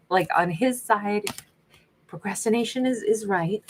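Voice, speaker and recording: A woman doing a tarot reading in a sassy, animated way, acting out what the people in the cards might say. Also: mid-range voice, unhurried, a little hiss or hum, low-quality recording. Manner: sassy, animated, voices imagined quotes. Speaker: tarot reader.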